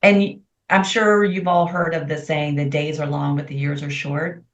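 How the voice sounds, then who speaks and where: A middle-aged woman speaks in a lowish voice, chatty and expressive as she tells stories in an interview. The recording is dull and roomy, as if she sits some way from the mic. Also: normal speed. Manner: chatty, expressive, quotes herself in lively voices. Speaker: guest. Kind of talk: candid interview storytelling. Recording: far from mic in an echoey room, dull sound.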